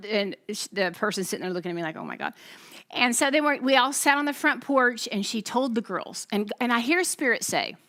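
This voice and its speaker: A woman pastor delivers a testimony sermon to her congregation in a voice that runs a little high. She tells her story with animation, acting out the voices of the people she quotes.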